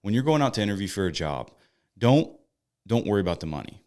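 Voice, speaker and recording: A man co-hosting a casual podcast, talking in an upbeat, energetic and jokey way. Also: fairly low pitch, fast talker, clean tone. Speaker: podcast co-host.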